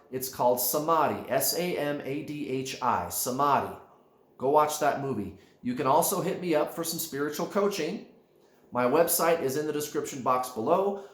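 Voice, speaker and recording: Animated man in an echoey room. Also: on the high side. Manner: animated, emphatic, addresses viewers as guys. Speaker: spiritual coach. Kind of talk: direct-to-camera coaching talk.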